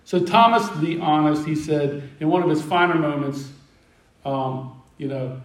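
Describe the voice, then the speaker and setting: A high-pitched male preacher telling a scripture story with playful voices for the disciples. He sounds set back from the mic in an echoey room. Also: unhurried, distant mic. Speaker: pastor. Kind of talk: sermon.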